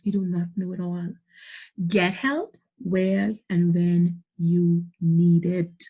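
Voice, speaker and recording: A woman's voice: mid-range voice, fairly even intonation, takes it slowly, gravelly, darkish tone, breathy edge. A middle-aged woman, giving emphatic motivational business advice to camera and repeating points for stress. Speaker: business coach.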